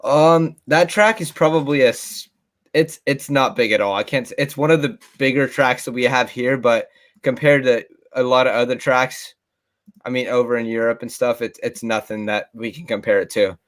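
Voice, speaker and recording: A man's voice: medium pitch, normal speed. Hesitant young-sounding man co-hosting. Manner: loose, hesitant, many fillers. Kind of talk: casual podcast chat.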